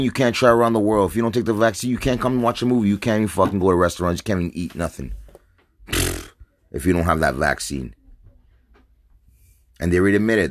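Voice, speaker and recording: Low-voiced man in a profane ranting monologue. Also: husky, no echo. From North America. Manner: agitated, profane, rambling with repeated words. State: says he is drinking and smoking. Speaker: vlogger. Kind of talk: stream-of-consciousness rant to camera.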